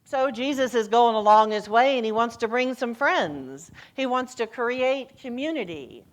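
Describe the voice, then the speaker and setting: A woman's voice: a little high, measured pace. A middle-aged woman minister giving a sermon, telling stories with a voice that climbs and drops and acting out the quoted lines. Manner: lively storytelling, voice rising and falling, acts out quoted lines. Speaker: senior minister.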